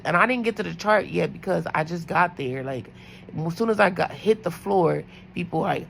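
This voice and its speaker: Gravelly-voiced woman telling a work story. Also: brisk, a little hiss or hum, low-quality recording. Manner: chatty, acts out quotes in higher voices. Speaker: night nurse vlogger. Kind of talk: casual storytelling.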